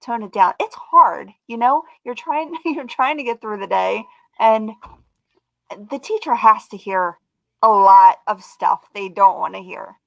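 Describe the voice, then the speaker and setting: Middle-aged woman, webcast guest, animated casual storyteller, dry close sound. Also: a little high, a little slow, creaky, no echo, lo-fi sound. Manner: animated storyteller, lots of "like" and "dude". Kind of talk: casual chat on a live webcast.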